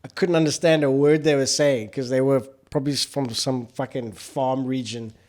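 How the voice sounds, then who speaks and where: A man's voice: mid-range voice, steady tone, moderate pace, a little mellow. A man co-hosting a podcast, telling crude stories in casual chat and laughing as he goes.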